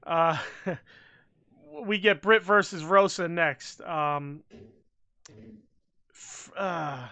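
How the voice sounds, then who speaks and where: A man's voice: on the high side, extremely slow, bright, forceful tone. A man co-hosting a wrestling podcast, talking bluntly in casual chat, swearing freely and restarting his sentences. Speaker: podcast co-host.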